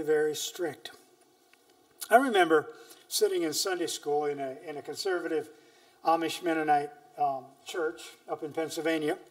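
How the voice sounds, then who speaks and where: A man's voice: on the high side, distant mic. A man preaching a sermon in church, reading scripture emphatically between hesitant, searching remarks.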